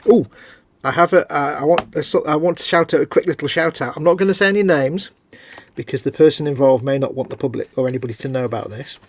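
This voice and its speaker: A man's voice: a little high, quick pace, slight background noise. A man co-hosting a casual live stream, joking around and reading out chat messages. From United Kingdom. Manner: jokey, reads out chat messages.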